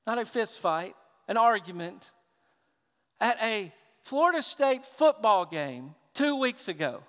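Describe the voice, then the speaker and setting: A man preaching a sermon as pastor, animated, swinging from quiet, intimate lines to loud, emphatic ones. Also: sits high, slow pace. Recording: long hall reverb.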